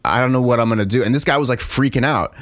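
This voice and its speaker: A man's voice: medium pitch, very fast, fairly bright tone, no echo, studio quality. A man co-hosting a podcast, telling a long story in casual talk, swearing freely and laughing at his own tale. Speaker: podcast co-host.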